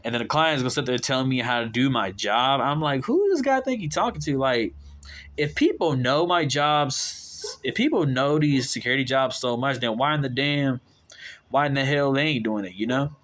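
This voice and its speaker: A man's voice: normal speed, a bit bright. Rambling young man. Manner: rambling, frequent fillers and restarts, exasperated asides; voices his own quoted retorts in a sharply raised pitch. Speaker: vlogger telling a work story. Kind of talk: casual storytelling to viewers.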